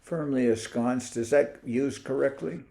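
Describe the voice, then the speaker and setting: Brief: male spiritual teacher, slow gravelly delivery, informal video-call talk, thinks aloud and hunts for words. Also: mid-range voice, warm tone. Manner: musing, searches aloud for words and names. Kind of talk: informal online talk to devotees.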